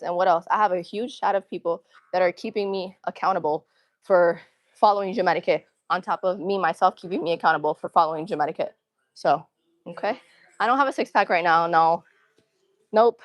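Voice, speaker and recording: A woman's voice: on the low side, fairly quick. A young woman streaming live from a gym, slightly winded as she chats with her viewers and counts out reps. Her voice is dry and close, with no room echo, and she talks in a loose, casual way. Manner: casual, chatty, counts reps and cues form between sets. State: out of breath. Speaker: fitness streamer.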